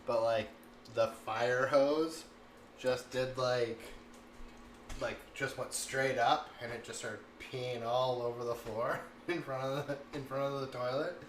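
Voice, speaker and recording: A man's voice: medium pitch, takes it slowly. A man in his thirties chatting casually as a cooking streamer, rambling and laughing often, with lots of "like". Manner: rambling, animated, laughs often, says "like" a lot. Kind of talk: casual chat and storytelling. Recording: echoey room, faint background noise.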